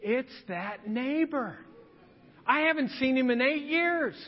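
A man's voice: extremely high pitch, lively intonation, slow. A male pastor delivering a humorous storytelling sermon, acting out scenes in quoted voices. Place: church sanctuary. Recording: dull lo-fi sound with long hall reverb.

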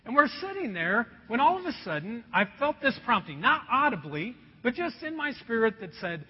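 High-voiced animated pastor in a hall. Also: male voice, moderate pace, husky. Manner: animated storytelling, drops to a hush. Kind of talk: sermon. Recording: dull sound with long hall reverb.

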